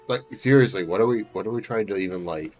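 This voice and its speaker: A man's voice: fairly low pitch, fast, faint music behind. A man streaming a game, joking and teasing the game's characters as he plays. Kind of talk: casual gaming commentary.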